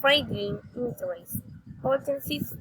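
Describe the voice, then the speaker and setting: A woman's voice: fairly high pitch, measured pace. A woman reading intonation drills aloud. She whispers the headings, then reads the example sentences with exaggerated rises and falls. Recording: recording with clear background noise.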